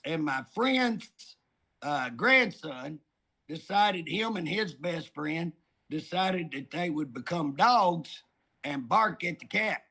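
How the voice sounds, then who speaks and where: A man's voice: fairly high pitch, lively intonation, takes it slowly, vocal fry, sharp tone, husky. A middle-aged man, telling stories in a folksy, joking drawl on a talk show. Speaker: politician guest. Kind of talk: casual talk show chat.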